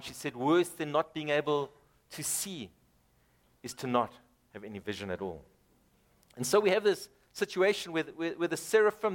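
A man preaching a sermon, emphatic, rising and dropping dramatically and repeating words for emphasis. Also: a little high. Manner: emphatic, rises and drops dramatically.

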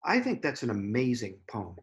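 A man who edits poetry, talking through a poem in a thoughtful, unhurried way with frequent pauses. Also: medium pitch, wildly swooping pitch, slight background noise. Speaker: poetry editor. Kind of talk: conversational discussion of poetry.

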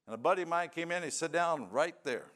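A man's voice: on the high side, expressive, quick pace, fairly bright tone. An older man giving a sermon testimony, telling his story in a folksy, plain-spoken way. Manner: folksy storytelling with rural grammar.

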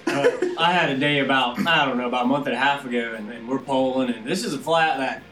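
A man's voice: mid-range voice, fast talker, a bit bright, echoey room, far from the mic, faint music behind. A man hosting a casual fishing podcast, telling rambling stories with lots of fillers. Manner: rambling storyteller, many fillers. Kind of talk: casual chat.

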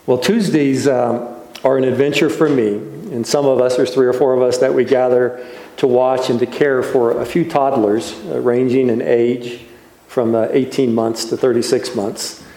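A man, a pastor, giving a reflective sermon in a gentle, unhurried way with soft trailing pauses. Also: medium pitch, fairly even intonation. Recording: echoey room.

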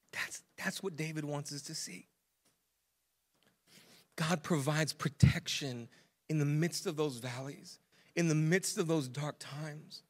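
A young adult man preaching a sermon as pastor, animated and casual, with slang. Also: on the high side.

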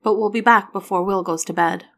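A woman's voice: mid-range voice, fairly even intonation, a little fast, natural voice. Woman voicing a tired, worried young mother in a storybook, weary delivery.

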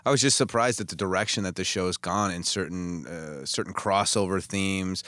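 Deep-voiced relaxed man in casual chat. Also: normal speed, dry recording. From Chicago. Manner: relaxed, trailing off with fillers. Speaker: actor guest.

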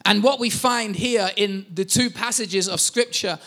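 A man's voice: high voice, measured pace, pushed and bright. A man in his thirties, a pastor, preaching a sermon and telling family stories with self-deprecating humor.

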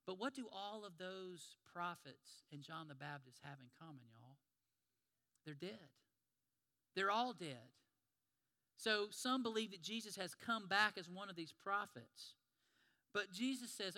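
A man's voice: sits high, moderate pace, bright, forceful tone, long reverb tail. A man preaching a sermon in a conversational storytelling way, retelling scenes and acting out the lines.

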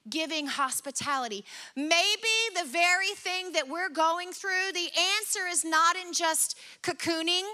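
A woman's voice: high-pitched, sharp tone. A woman preaching a sermon in an earnest, conversational way, retelling scripture in her own words.

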